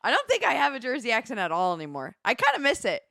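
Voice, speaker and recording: A woman co-hosting a radio morning show, chatting in a teasing, animated way and reading listener messages aloud. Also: on the high side, fast talker, creaky, no room sound, clean studio sound. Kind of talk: casual morning-show banter.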